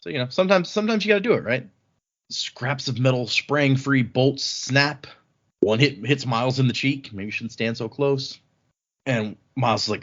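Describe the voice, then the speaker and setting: A man in an easygoing podcast chat, walking his co-hosts through the plot with animated, rambling energy. His voice sits at a middling pitch. The recording is a touch dull and lo-fi. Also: moderate pace. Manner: rambling, animated retelling with frequent restarts. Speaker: podcast host recapping chapters. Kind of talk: casual chat. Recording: slightly dull lo-fi sound.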